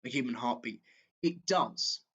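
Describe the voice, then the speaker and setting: A male teacher walks students through exam technique at an unhurried, drawn-out pace. He speaks haltingly, pausing on fillers and correcting himself as he goes. His pitch sits in an ordinary middle range for a man. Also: pushed and bright, breathy edge, muffled recording. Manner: slow, halting, with frequent fillers and self-corrections. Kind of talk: exam walkthrough lesson.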